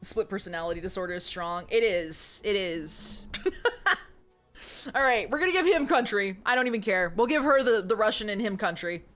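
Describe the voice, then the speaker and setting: A woman's voice: mid-range voice, lively intonation, normal speed, fairly bright tone, faint music behind. Giggly young woman streamer. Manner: giggly, self-mocking asides. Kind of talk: reading a romance novel aloud, casual stream chat.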